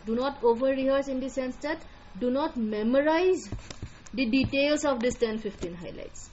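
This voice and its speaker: A woman's voice: high-pitched, moderate pace, a little mellow, highs cut off, a little hiss or hum. A woman with an Indian accent, an admissions counselor giving a live online lecture in a directive way, repeating her key points.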